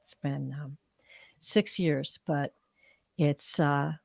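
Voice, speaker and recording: A woman co-hosting a live psychic reading, speaking in a halting, emotional way with long pauses. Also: sits low, steady tone, gravelly, a little mellow, no echo, clean studio sound. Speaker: psychic medium co-host.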